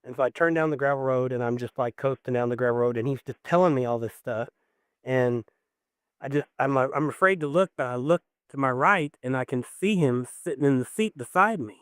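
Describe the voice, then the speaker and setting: A man's voice: mid-range voice, brisk, a bit bright, clean tone, dry recording, clean studio sound. A man calling a late-night radio show, telling a long personal story in a rambling way, full of "like" and "you know". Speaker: caller. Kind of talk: emotional call-in storytelling.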